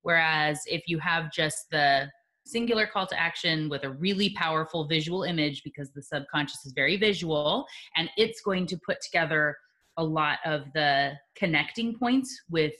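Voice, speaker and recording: In a deep voice at a moderate pace, a female interview guest explains her thinking with energy, acting out examples and breaking into laughter during the conversation.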